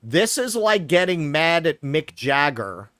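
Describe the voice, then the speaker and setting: A man's voice: fairly high pitch, big pitch swings, takes it slowly, sharp tone, no room sound, studio quality. A man with a New York accent from Queens, co-hosting a political talk show, heated, sarcastic and swearing often. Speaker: podcast co-host. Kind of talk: casual political commentary.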